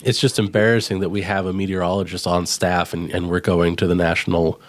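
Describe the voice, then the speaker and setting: Man improvising a pushy station manager, patronizing, fairly low voice, improv scene. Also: level tone, brisk, close to an everyday voice. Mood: impatient. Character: male station manager scolding his meteorologist.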